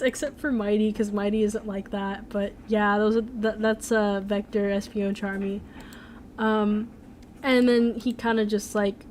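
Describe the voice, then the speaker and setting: In a casual live-stream chat, a young woman streamer and animator rambles along, filling her speech with "like" and "um." She has a mid-range voice, with a bit of background noise present.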